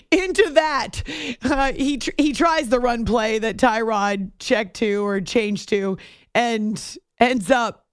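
A woman's voice: a little high, dry recording, clean studio sound. A woman hosting a late-night sports radio show, talking casually with sarcastic, self-mocking asides. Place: radio studio. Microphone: studio microphone.

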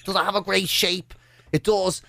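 A man's voice: high-pitched, level tone, moderate pace, vocal fry, pushed and bright, slight background noise. An Irish man chatting as a guest, telling rambling, self-deprecating stories and swearing freely. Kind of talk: casual chat.

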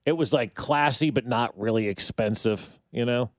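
A man's voice: mid-range voice, normal speed, no echo, clean studio sound. A man with a Kansas City accent, hosting a sports radio show and chatting casually while reading out listener texts. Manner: joking, lively, reads out listener texts. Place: radio studio. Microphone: studio mic.

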